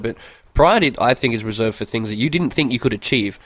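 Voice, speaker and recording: A man's voice: medium pitch, animated, a little fast, a bit bright, no room sound. An Australian man from Australia, a guest on a podcast, chatting casually in crude, opinionated banter. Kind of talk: casual chat.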